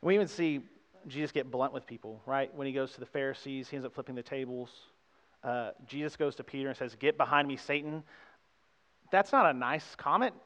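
This sermon comes from a young man with a mid-range, fairly bright voice who keeps it conversational, tossing in "right?" again and again to engage the congregation. Long hall reverb hangs over a dull-sounding recording.

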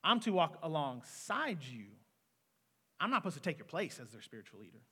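A man's voice: fairly high pitch, big pitch swings, fairly quick, bright, forceful tone, husky. A man in his twenties preaching an earnest, conversational sermon as a student pastor in a church hall. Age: 20s. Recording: long reverb of a hall.

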